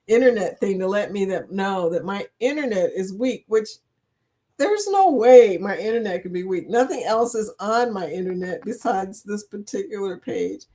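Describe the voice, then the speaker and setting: A woman with a medium-pitched, dark voice hosts a casual livestream, chatting with viewers and laughing often. She addresses her chat as "y'all."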